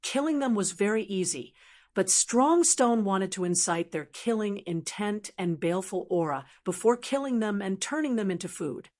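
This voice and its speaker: A woman's voice: mid-range voice, animated, moderate pace, darkish tone. Woman narrating a fantasy audiobook.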